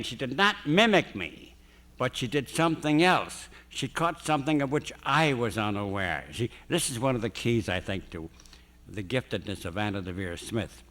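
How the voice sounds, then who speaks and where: An older man reminiscing before an audience, his voice bright and forceful. He talks in an animated rush, restarting sentences and laughing as he goes. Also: fairly high pitch. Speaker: guest speaker. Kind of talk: reminiscing talk.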